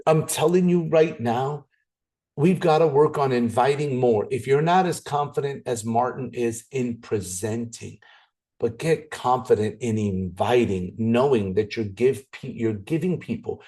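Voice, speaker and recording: A man giving a motivational sales training talk, animated, acting out scenes and repeating words for emphasis. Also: mid-range voice, measured pace.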